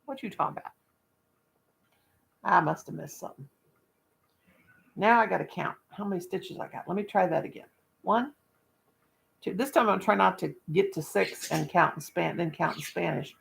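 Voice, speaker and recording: Gravelly, blunt woman chatting. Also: on the low side, moderate pace, long pauses. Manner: blunt, rambling, folksy, talks to chat and her birds. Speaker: livestream vlogger. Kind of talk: casual chat while crocheting.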